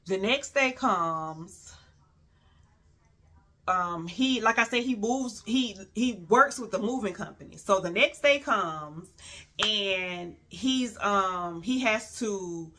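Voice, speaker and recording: A woman telling a casual story, animated and profane, acting out every quote. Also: mid-range voice, takes it slowly.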